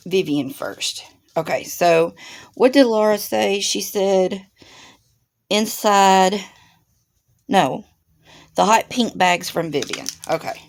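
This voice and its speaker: A woman hosts a casual unboxing chat, speaking slowly and on the lower side. She talks straight to her viewers with lots of excited exclamations. A faint hiss sits under the voice, recorded at a desk in her home. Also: gravelly. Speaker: craft channel host. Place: home room with a desk by a window.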